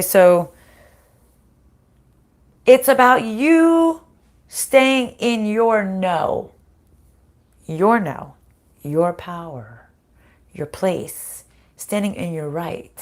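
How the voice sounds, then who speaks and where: A woman's voice: medium pitch, expressive, takes it slowly, long pauses. A woman with a scratchy voice doing a casual, chatty live card reading, laughing often and swearing now and then. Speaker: card reader.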